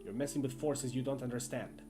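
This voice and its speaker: A man's voice: mid-range voice, steady tone, a little fast, music in the background, lightly acted. A man voicing a cocky, menacing young male camp bully with a working-class Northern English accent, bragging and taunting.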